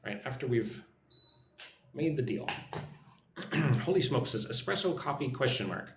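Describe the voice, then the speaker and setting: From his home in a Vietnamese city, an upbeat American English teacher runs a casual live-stream lesson at a measured pace, reading chat comments and viewer names aloud and modeling phrases to repeat. His pitch is lively, and the room is echoey with a low hum.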